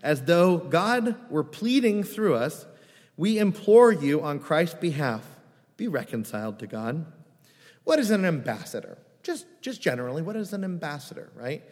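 A man's voice: fairly high pitch, big pitch swings, normal speed, a little mellow, big-room sound. A man preaching a sermon as a pastor, earnest and pleading, asking the congregation rhetorical questions in a conversational way. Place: church sanctuary.

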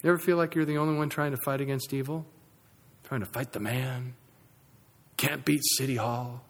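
A man preaching a sermon in a church sanctuary, swinging between loud emphasis and quiet asides. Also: mid-range voice, steady tone, normal speed. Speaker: pastor. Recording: long reverb of a large sanctuary.

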